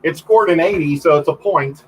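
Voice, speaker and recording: A man's voice: fairly high pitch, moderate pace, slight background noise, low-quality recording. Man with a raised voice telling rambling stories. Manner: rambling storyteller, full of restarts and fillers. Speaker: guest on a livestream; photographer. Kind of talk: casual chat.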